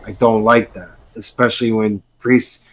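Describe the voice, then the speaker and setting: A man's voice: lowish voice, little pitch movement, normal speed, faint music behind. A man co-hosting a casual wrestling podcast, giving blunt, heated, profane opinions. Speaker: podcast co-host.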